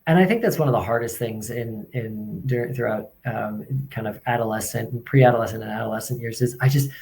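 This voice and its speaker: A man with a mid-range voice talks through medical topics in a relaxed podcast chat. He hesitates and restarts often, reaching for simple comparisons as he explains. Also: mid-range voice, brisk, gravelly. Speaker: pediatrician guest. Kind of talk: casual podcast conversation.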